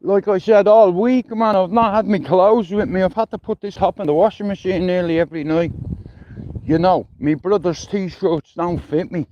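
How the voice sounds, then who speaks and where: A man's voice: high voice, fairly even intonation, moderate pace, dull audio, a little hiss or hum. A middle-aged man with a Dublin accent chatting casually on a livestream while walking outdoors, rambling and swearing with lots of "you know what I mean". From Ireland. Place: outdoors, walking through a neighbourhood.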